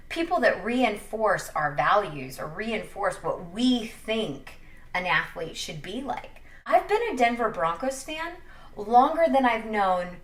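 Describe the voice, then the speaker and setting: Young woman sports vlogger, sassy and jokey, swinging pitch, echoey room with a distant mic. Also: fairly bright tone. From Wyoming. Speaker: sports commentator. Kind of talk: casual opinion vlog.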